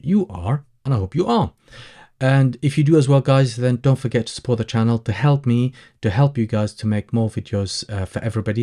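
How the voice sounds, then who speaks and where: A man gives a language lesson in a low voice whose pitch rises and falls a great deal. He explains patiently and says each example phrase more than once. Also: mellow. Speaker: Arabic teacher.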